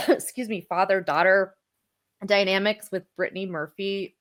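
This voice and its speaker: A woman's voice: medium pitch, fairly even intonation, normal speed. A woman in her thirties co-hosting a casual film chat, talking in a chatty way with lots of fillers and restarts. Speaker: podcast co-host. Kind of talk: casual chat about films.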